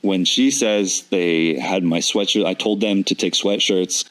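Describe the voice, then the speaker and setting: A man's voice: sits low, fairly even intonation, unhurried, a bit bright, low-quality recording. A man giving methodical commentary on an interview clip, breaking down word choices and repeating his points. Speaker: deception analysis commentator.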